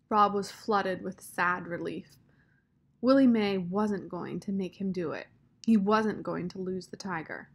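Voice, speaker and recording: A woman calmly reading a storybook chapter aloud in a measured way. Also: medium pitch, gravelly, husky. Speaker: audiobook narrator. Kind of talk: storybook narration.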